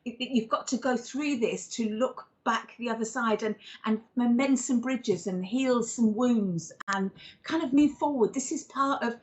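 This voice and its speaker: A woman's voice: on the high side, measured pace, muffled recording. A woman who is a psychic medium and regression therapist, giving card readings in a chatty, rambling, affectionate way and calling people darling. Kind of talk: live-stream card readings and chat.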